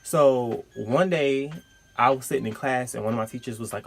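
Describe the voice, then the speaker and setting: A young man casually telling a personal story, animated and slangy, breaking into high-pitched quoted outbursts. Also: normal speed, creaky, soft background music. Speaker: storytime vlogger.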